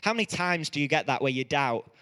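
Smooth-voiced preacher, lively storyteller. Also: male voice, fairly high pitch, big-room sound. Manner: lively storytelling with quick self-corrections. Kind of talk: sermon.

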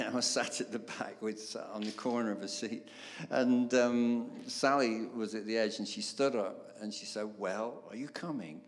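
An older man, a songwriter telling his story in an interview, animated and laughing, with many fillers. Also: fairly low pitch. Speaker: guest songwriter. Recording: roomy reverb, faint background noise.

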